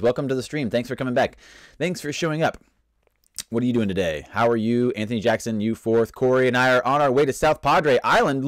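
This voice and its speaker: A man's voice: mid-range voice, dry recording, studio quality. Playful rambling man hosting a live stream. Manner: playful, rambling, self-mocking, reads out chat comments. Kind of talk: casual live stream chat, greeting viewers.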